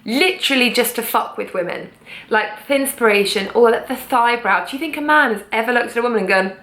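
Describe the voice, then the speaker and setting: A woman's voice: a little high, brisk, fairly bright tone. A woman vlogger talking to camera about her book, chatty and passionate, swearing casually. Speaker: vlogger and author. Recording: echoey room.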